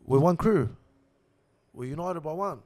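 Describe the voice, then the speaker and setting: Young Australian man, raised-pitch, brash storyteller, cursing and animated. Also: measured pace. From Sydney, Australia. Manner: profane, animated, swaggering. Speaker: podcast guest. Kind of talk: casual storytelling.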